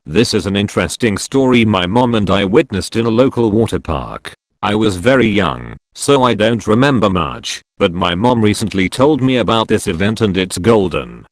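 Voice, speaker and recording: Man narrating stories, low and animated, dry close sound. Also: dry recording. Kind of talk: scripted story narration.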